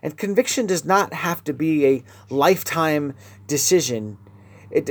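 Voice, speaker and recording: A man's voice: a little high, a little mellow, slight background noise. A man preaching a radio sermon, earnest and building to emphatic peaks.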